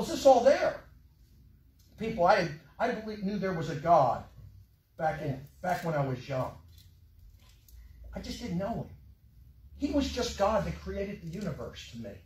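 A man preaching a sermon, telling a personal story with emotion, his voice dropping soft and rising again. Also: high-pitched, animated, moderate pace, pauses often, roomy sound, recorded from a distance, poor audio. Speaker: pastor. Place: church sanctuary.

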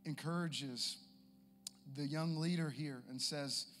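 A man preaching a sermon, moving from easy conversational talk to shouted exhortation. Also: a little high, slow pace. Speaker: pastor. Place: church sanctuary. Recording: long hall reverb with music. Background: live guitar and keys.

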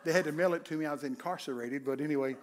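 Older guy preaching in a church, jokey folksy stories, high-pitched, gets shouty. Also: rapid-fire. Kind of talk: humorous sermon storytelling. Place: church sanctuary.

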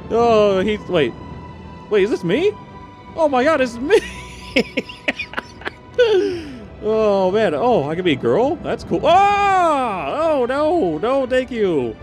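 A man giving loud, excitable commentary while playing a video game, full of exclamations and laughter. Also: very high voice, very slow. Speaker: gaming streamer. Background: game music.

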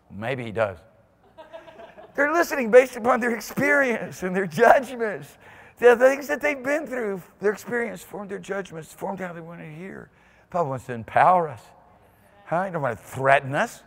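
A male pastor preaching a sermon in a church, swinging from quiet asides to whoops and shouts. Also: high-pitched, very animated, moderate pace. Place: church sanctuary. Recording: long hall reverb in a church.

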